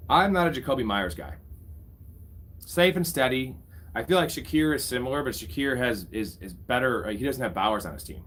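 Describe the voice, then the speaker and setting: A man's voice: medium pitch, lively intonation, brisk, a bit bright. A young man casually commentating a live fantasy football draft, bantering with his chat and swearing freely. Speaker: fantasy football streamer host.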